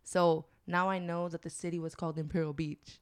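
A young woman guest spins a long, animated story on a casual podcast, her voice sitting a little low. She talks loosely and laughs often. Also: brisk, clear, resonant tone.

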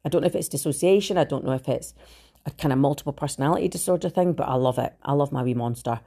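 A Scottish woman with a Glasgow accent, telling her own story in a blunt, animated monologue full of swearing. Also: extremely low pitch, quick pace. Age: adult with three children. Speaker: speaker sharing her recovery story.

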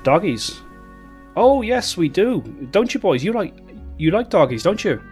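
A man's voice: sits high, big pitch swings, unhurried, a little mellow, husky, faint music behind, voice pushed up, heavily acted. Man doing fussy motherly caretaker Kashka. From Britain. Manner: fussy, hospitable, stumbling over words. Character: bustling motherly woman caretaker of two boys.

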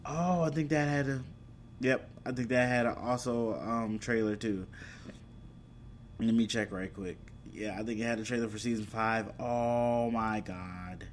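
A man's fairly bright, medium-pitched voice carries a casual, rambling conversation about anime and streaming platforms. He corrects himself as he goes and laughs at his blunders, over a faint hiss or hum.

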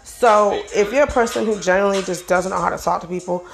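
Gravelly, rambling woman vlogger. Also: medium pitch, quick pace, faint music behind. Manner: rambling, slangy, profane. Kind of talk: casual monologue to viewers.

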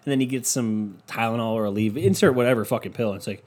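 A man's voice: medium pitch, fast talker, hardly any pauses, a little mellow. Profane, sarcastic male podcast host. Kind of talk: casual solo podcast rant.

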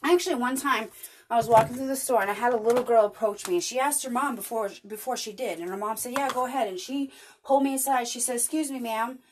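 A woman's voice: a little high, quick pace, a little hiss or hum. A woman hosting a podcast, talking earnestly and chattily in a casual motivational monologue, telling stories with lots of energy. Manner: earnest, chatty, animated storytelling. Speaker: podcast host.

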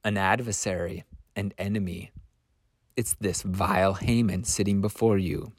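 A man voicing an earnest queen, speaking in a hushed, solemn way. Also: fairly low pitch, animated, measured pace, creaky, no echo, clean studio sound, full character voice. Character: grave adult queen, quiet and earnest.

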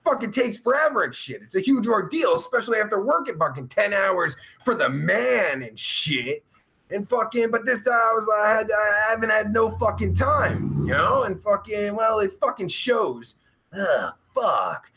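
A man's voice: sits high, animated, moderate pace, bright, forceful tone. A man hosting his live show alone at home, reading the chat and ranting in a profane, rambling, laughing way. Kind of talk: casual live-stream chat.

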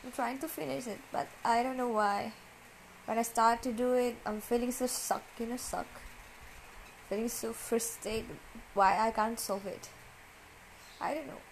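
A woman with a slightly high voice shares her worries in a soft, confessional monologue. She talks haltingly, circles back over the same words and gropes for what to say next. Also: steady tone, slight background noise, poor audio. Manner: hesitant, halting and repetitive, searching for words. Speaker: vlogger.

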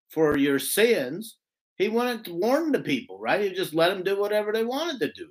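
A man giving an earnest expository scripture lesson, often repeating words as he searches for the phrasing. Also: a little high. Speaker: scripture teacher.

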